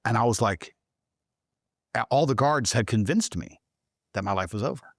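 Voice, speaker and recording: A man telling a story as an interview guest, swearing constantly and talking with animated, emphatic energy, his voice jumping higher when he gets excited. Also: moderate pace, husky, no room sound, clean studio sound. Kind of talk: profane storytelling in conversation.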